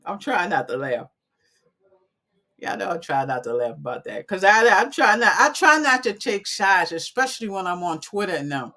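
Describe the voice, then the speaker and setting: Casual, animated woman, live-streaming on a phone at home. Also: fairly low pitch. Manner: chatty, animated, addresses viewers as y'all. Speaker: coding academy owner.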